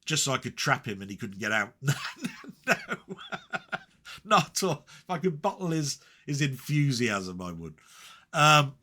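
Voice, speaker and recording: Male vlogger, bright and punchy, cheeky swearing banter, loose and rambling. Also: medium pitch, very animated, unhurried, pauses often. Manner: rambling with many fillers and restarts. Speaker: retro gaming vlogger. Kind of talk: casual chat reading viewer comments.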